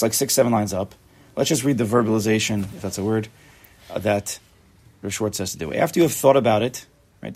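A man's voice: on the low side, slightly rough. A man giving a casual, chatty Torah class, joking and mixing Hebrew and Yiddish terms into his talk.

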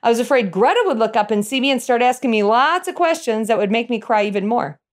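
A middle-aged woman telling a personal story in an animated way, chuckling as she goes. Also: a little high, fast.

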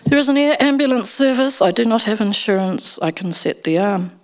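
A woman reading the lines of a calm, quietly commanding woman in a storybook, in plain measured statements. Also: on the high side, voice pushed up, natural voice.

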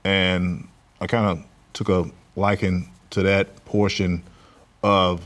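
A man from Louisiana speaks in a very low voice as a guest on an interview show. He answers haltingly, filling gaps with frequent pauses. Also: little pitch movement, fairly bright tone. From Louisiana, USA. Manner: halting, many filler pauses. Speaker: guest, construction business owner.

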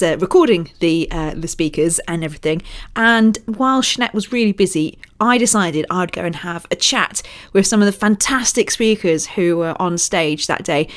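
Woman, podcast producer, lowish voice, relaxed casual intro.

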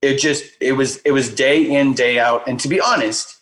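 Man, casual storytelling, animated, lots of fillers, acts out quotes, medium-pitched voice. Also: normal speed, poor audio. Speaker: guest speaker.

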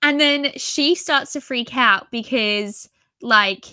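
A young woman chatting casually about a story, animated and exasperated, saying "like" a lot. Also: fairly high pitch, takes it slowly, clean tone, no echo. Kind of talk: casual book discussion chat.

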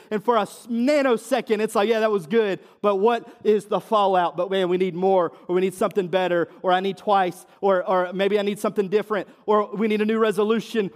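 A man preaching as a pastor, in earnest and restarting often, slowing down and dropping soft on quoted verses. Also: sits high. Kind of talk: sermon. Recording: long reverb of a church hall.

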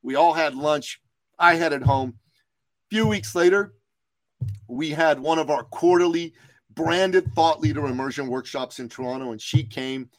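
A man's voice: on the high side, unhurried, no echo. Emphatic motivational man from Iran, dry sound. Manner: emphatic, slogan-driven motivational talk. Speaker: business coach, podcast guest. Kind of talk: motivational podcast interview storytelling.

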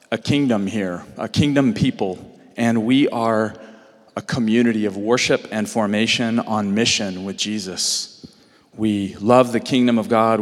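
A hoarse man, a pastor, making friendly, chatty announcements to his congregation before the sermon. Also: lowish voice, big-room sound. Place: church sanctuary.

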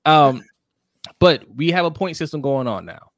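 Guy cohosting a sports show, gets loud and acts out his own reactions, dry close sound. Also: a little high, lively intonation, moderate pace, dry recording. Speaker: podcast co-host. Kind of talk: casual sports talk.

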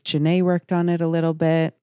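A woman hosting a casual chat, telling a rambling story in a relaxed, talkative way. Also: sits low, brisk, clear, resonant tone, no echo, clean studio sound.

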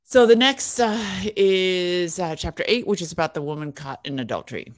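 A woman's voice: lowish voice, animated, moderate pace, no room sound, studio quality. A woman co-hosting a devotional podcast, reading scripture aloud in an earnest voice and chatting casually between passages.

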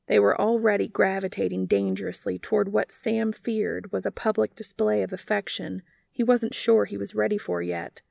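A woman's voice: mid-range voice, gravelly, darkish tone, dry recording. A woman narrating fan fiction aloud in a wry, dry storytelling manner.

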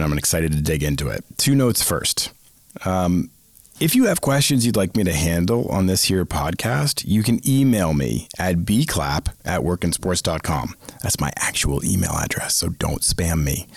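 Middle aged podcast guy from around boston, lowish voice, dead dry close mic, rambly and chatty. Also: no echo. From Boston area. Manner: rambling, chatty, goes off on self-aware tangents. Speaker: podcast host. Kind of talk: casual solo podcast talk.

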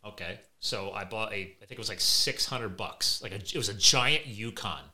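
Man, very bright voice, podcast host, animated, chatty. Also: lowish voice, moderate pace. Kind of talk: casual conversation.

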